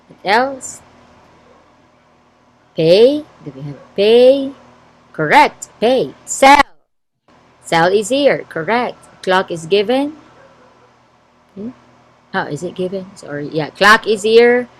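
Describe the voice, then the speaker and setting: Speaking slowly with long pauses, a woman with an animated, medium-pitched voice and a Filipino English accent checks her online students' word game answers aloud. She reads each answer out in an encouraging way, though the audio is poor.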